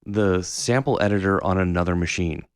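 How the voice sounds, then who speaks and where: Low-voiced man ranting on a podcast. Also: normal speed, clean tone, no room sound. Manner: animated, profane, ranting. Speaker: podcast co-host. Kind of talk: casual chat.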